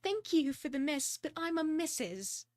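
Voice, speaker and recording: Haughty society widow, slow and theatrical, voiced high and bright by a woman. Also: dry recording, studio quality, natural voice. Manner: slow, theatrical, self-important.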